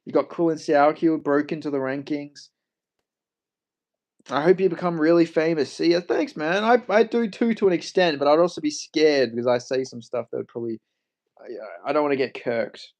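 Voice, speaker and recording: A man's voice: on the high side, moderate pace, darkish tone. Joking Australian man streaming. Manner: joking, reads and answers chat, swears freely. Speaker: MMA streamer. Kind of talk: casual livestream chat.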